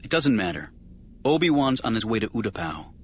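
A man voicing a troubled young male Jedi knight, speaking in a soft, strained, halting way. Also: lowish voice, big pitch swings, dull audio, slight background noise. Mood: bitter.

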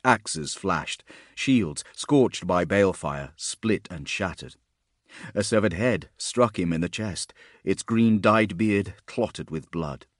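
A man narrates a fantasy novel in a deep, steady voice. His storytelling is measured and even. The recording is dry and close, with no room sound. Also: no room sound. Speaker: audiobook narrator.

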